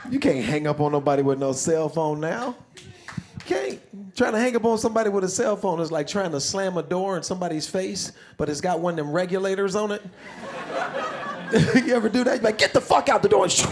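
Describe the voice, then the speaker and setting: A man doing stand-up on a comedy stage with a handheld mic, animated and shouting his punchlines. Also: high-pitched, fairly quick, slight background noise. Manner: animated, shouting punchlines, acting out quoted voices. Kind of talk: stand-up routine.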